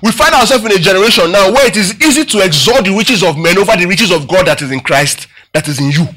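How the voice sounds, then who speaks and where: High, bright-voiced male preacher quizzing his listeners. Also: animated, fast talker. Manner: asks the congregation questions, repeats phrases for emphasis. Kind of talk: Bible-teaching sermon.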